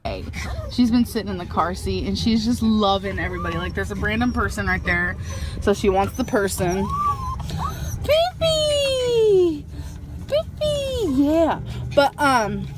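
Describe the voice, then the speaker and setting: A woman's voice: mid-range voice, fairly quick, noisy background. A woman vlogging from a parked car, rambling and chatty as she talks to her subscribers. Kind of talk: casual vlog chat.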